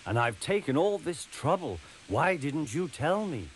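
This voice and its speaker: A man's voice: fairly high pitch, big pitch swings, measured pace, a little hiss or hum, pitched above the performer's own voice. A man doing an oily, smug diesel engine. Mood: dismayed. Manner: smooth, oily, ingratiating.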